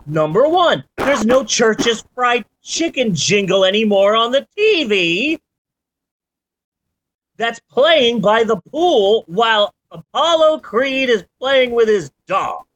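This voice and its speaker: A man chatting about films on a podcast, his pitch leaping all over as he rants. He jokes, swears and builds up to outbursts, with everyday energy in between. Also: slow. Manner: animated, ranting and joking, with swearing outbursts. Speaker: podcast host. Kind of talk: casual movie chat.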